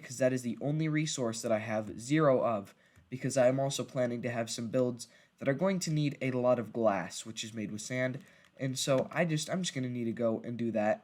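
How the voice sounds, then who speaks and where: A man giving casual gameplay narration as a video creator, rambling and halting and often restarting his sentences. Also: mid-range voice.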